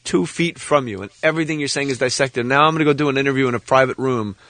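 A man's voice: medium pitch, fast, a bit bright, no echo. A man telling rambling, jokey stories in a casual radio show chat. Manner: rambling storyteller with big acted-out bits.

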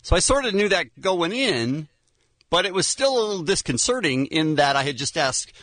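A man's voice: a little high, big pitch swings, normal speed, fairly bright tone, dry recording. A man hosting a talk show, telling a story about himself in a self-deprecating way. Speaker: radio show host. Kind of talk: casual chat.

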